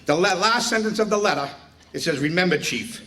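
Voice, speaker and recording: A man's voice: high-pitched, expressive, a little fast. Man telling dinner stories. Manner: storytelling, joking, acts out quoted dialogue. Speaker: speaker at a retirement dinner. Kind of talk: speech with anecdotes. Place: banquet room. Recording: distant mic with faint room noise.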